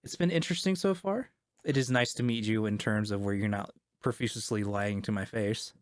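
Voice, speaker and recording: A man's voice: on the low side, fairly quick, clean tone, no room sound, clean studio sound, lightly acted. A man voicing a polite, wary young woman academic in a tabletop game, in his own plain voice without an accent. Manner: plain voice, no attempt at an Italian accent.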